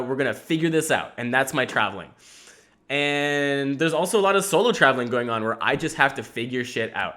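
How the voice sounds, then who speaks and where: A man hosting a casual solo podcast, wandering from story to story in an animated, offhand way. His voice sits in a middle pitch with a bright, forceful edge. He swears freely and laughs easily as he talks. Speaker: podcast host.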